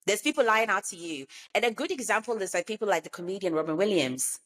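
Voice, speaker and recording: A woman's voice: mid-range voice, animated, quick pace, a bit bright. A woman in casual podcast chat, who repeats words for emphasis. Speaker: podcast co-host.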